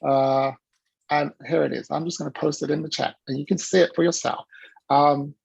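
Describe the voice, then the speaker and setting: A man speaking on a video call, telling an animated story and acting out the quoted voices with sudden jumps in pitch. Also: moderate pace, creaky, slightly rough, no room sound. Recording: dull lo-fi video call audio.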